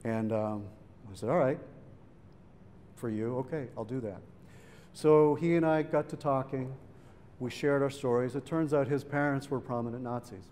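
At a museum event hall, a middle-aged man tells a family story conversationally, acting out the voices of the people he quotes. His voice is medium-pitched and a little mellow, at normal speed with frequent pauses, recorded with hall reverb and faint background noise.

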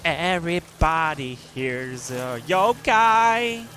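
Excitable high-voiced man gaming. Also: slow pace, noisy background. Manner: excitable, yelling reactions at enemies. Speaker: gamer. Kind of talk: let's play commentary. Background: game music.

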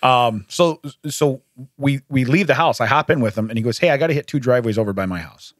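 Here a podcast co-host with a medium-pitched voice speaks quickly into a studio mic, with studio-quality sound and no room noise. His storytelling is animated and casual, punctuated by frequent laughter and acted-out quotes.

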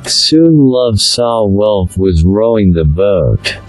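A man narrating a fable in a slow, deliberate storybook reading. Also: fairly low pitch, expressive, a little mellow, low-quality recording. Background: faint instrumental music.

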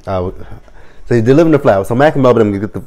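Another recap comes from a man in his thirties reviewing a TV episode, this time medium-pitched, animated and very fast with a darkish tone. Casual and freely profane, he performs the characters' lines as he goes.

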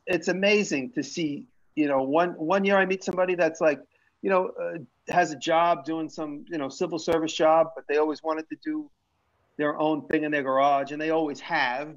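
A man hosting a casual live-stream chat, rambling with frequent restarts and fillers. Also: fairly high pitch. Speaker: show host and maker. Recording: lo-fi stream audio.

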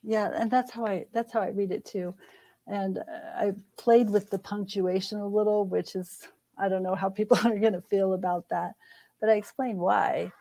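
A woman's voice: mid-range voice, steady tone, normal speed, vocal fry, dark tone, low-quality recording. A middle-aged woman scholar, a guest in a conversational interview, speaking thoughtfully and earnestly. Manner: thoughtful, earnest, frequent restarts.

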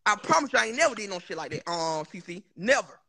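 A man's voice: sits high, big pitch swings, fast talker, gravelly, sharp tone. A man on a livestream call, insisting and swearing oaths as he defends himself. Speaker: live stream guest. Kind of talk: heated livestream argument.

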